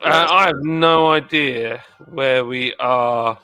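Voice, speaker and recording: British man with a yorkshire tinge, bright voice, jokey casual chat. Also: medium pitch, slow pace, clear, resonant tone, soft background music. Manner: jokey, apologetic.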